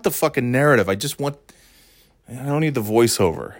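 A man's voice: medium pitch, lively intonation, a little fast, no room sound, studio quality. A man hosting casual commentary, sarcastic and rambling, with frequent swearing. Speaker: commentary host.

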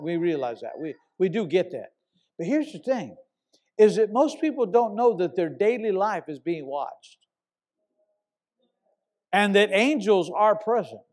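Middle-aged male pastor, high voice, emphatic sermon storyteller. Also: darkish tone. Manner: emphatic storytelling, repeats words for stress.

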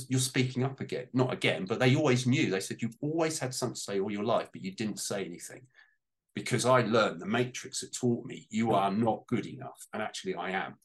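Tearful man sharing his story. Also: fairly low pitch. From United Kingdom. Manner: heartfelt, close to tears, rambling. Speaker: guest on a panel. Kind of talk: emotional personal testimony.

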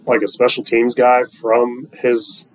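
Calm mid-pitched podcast man. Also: slow, rough recording. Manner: calm, brief replies, reads out lists. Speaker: podcast co-host. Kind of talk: casual sports podcast chat.

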